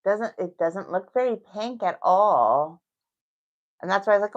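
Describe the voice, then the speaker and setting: A woman's voice: mid-range voice, lively intonation, measured pace, lo-fi sound. A middle-aged woman with a New York accent, chatting casually and reassuringly as she demonstrates a nail technique while thinking aloud. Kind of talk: casual tutorial talk.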